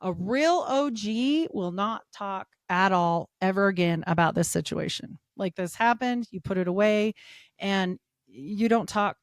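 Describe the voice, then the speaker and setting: A woman in her thirties, a podcast guest chatting casually, telling stories with lots of laughter and playing the other people in them in a higher voice. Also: a little slow, dry recording, clean studio sound. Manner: animated storyteller, acts out quotes in a higher voice; laughs often, swears casually.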